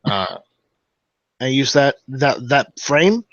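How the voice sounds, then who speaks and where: A man co-hosting a casual podcast chat, halting and restarting his words. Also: mid-range voice, sing-song, fairly bright tone, no room sound. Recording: dry, dull lo-fi audio.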